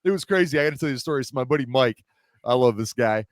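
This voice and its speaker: Fast-talking man telling stories on a podcast. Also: medium pitch, dry recording, clean studio sound. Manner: animated storyteller, acts out quoted voices. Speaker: podcast host. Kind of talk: casual chat.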